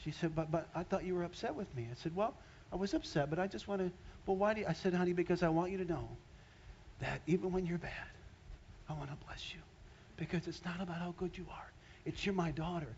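A man's voice: high voice, quick pace, darkish tone, muffled recording, slight background noise. Older man preaching, conversational and emphatic. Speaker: pastor. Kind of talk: sermon.

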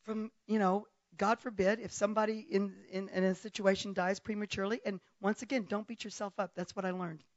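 A woman's voice: medium pitch, flat delivery, brisk, few pauses, dry recording. Woman preacher telling a story, acts out the voices, kinda muffled dry recording. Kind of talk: testimony sermon.

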